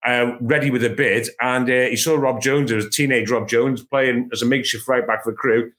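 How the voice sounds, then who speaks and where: A man on a football panel in casual chat, telling anecdotes in an animated way and restarting his words often. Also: mid-range voice, fairly quick. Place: at home, remote.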